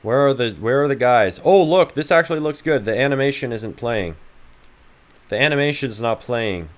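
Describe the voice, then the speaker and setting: A man's voice: medium pitch, expressive, normal speed. A man from Idaho, a game developer streaming live, bantering with his chat in a loose, joking, profane way. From Idaho, USA. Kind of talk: casual livestream chat.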